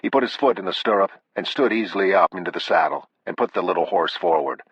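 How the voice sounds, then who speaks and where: A man narrating an audiobook in a measured, unhurried reading. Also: deep voice, animated, a bit bright, breathy edge, dry recording. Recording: dull, dry lo-fi audio.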